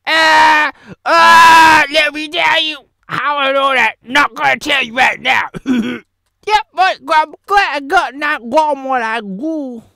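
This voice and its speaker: High, giggly woman rambling through a vlog. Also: slow, gravelly, pushed and bright, shouting. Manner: giggly, chaotic, rambling with sudden silly voices. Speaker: vlogger reviewing a film. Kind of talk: rambling comedic review vlog.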